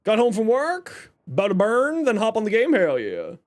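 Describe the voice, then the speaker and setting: His high-sitting voice swoops wildly in pitch while he talks at normal speed. The young man streams a game, reading chat aloud, joking around, and explaining his build in casual conversation with viewers.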